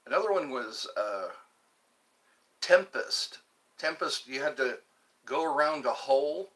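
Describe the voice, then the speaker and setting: Older male livestream host: unhurried, husky, bright tone, reads chat aloud. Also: medium pitch, expressive. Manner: reads viewer comments aloud and plays along.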